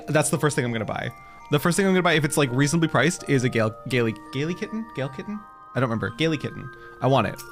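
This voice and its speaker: A man chatting to his viewers while he plays a game, excitable and gushing. His voice sits a little high and swings up and down a lot. Faint music plays underneath. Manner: excitable, gushing, talks to chat. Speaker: streamer. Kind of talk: casual game stream chat.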